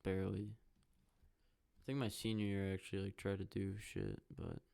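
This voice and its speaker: A man's voice: deep voice, little pitch movement, moderate pace, creaky, dark tone, smooth. A young man from the Side, hosting a podcast in a rambling, profane, joking monologue. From Chicago South Side. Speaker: podcast host.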